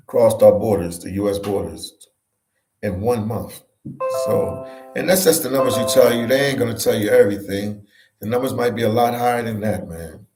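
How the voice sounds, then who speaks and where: A warm, fairly low voice with vocal fry comes from a travel vlogger from Philadelphia, Pennsylvania. He chats casually on a livestream, reading and reacting to viewer comments, recorded in an echoey office room.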